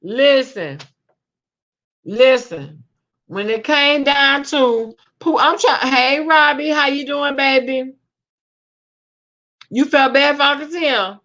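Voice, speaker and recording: On dull, lo-fi stream audio, a woman chats with her viewers, reading the chat, calling them "babe," and dropping Southern slang. Her high-pitched voice sounds pushed and bright, and she speaks slowly with long pauses.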